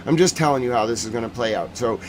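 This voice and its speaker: A man's voice: mid-range voice, fast, noisy background. A male host runs a casual livestream news recap in a mid-range voice. He jokes and rambles, riffing off the top of his head with lots of animation.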